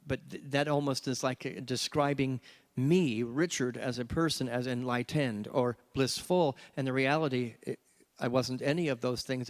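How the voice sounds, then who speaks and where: A man serving as minister, leading a group meditation discussion in a reflective way, slowing down and stretching key words. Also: medium pitch. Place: church gathering with a live group. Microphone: handheld microphone.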